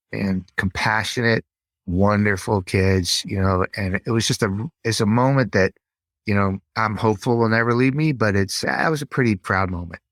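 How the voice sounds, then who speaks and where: A middle-aged man, a podcast guest, telling a personal story in an earnest, halting way with frequent restarts. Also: on the low side, fairly bright tone, dry recording.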